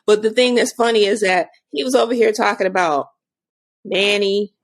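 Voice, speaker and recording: A woman guest and autism advocate, telling lively stories about her son in a casual conversation, laughing often. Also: mid-range voice, moderate pace. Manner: animated storyteller, laughs often.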